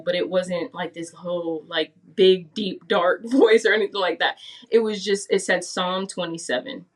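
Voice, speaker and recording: A woman's voice: medium pitch, recorded from a distance. A woman giving a casual spoken testimony, chatty, acting out her own past words as she tells it. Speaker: guest giving a faith testimony.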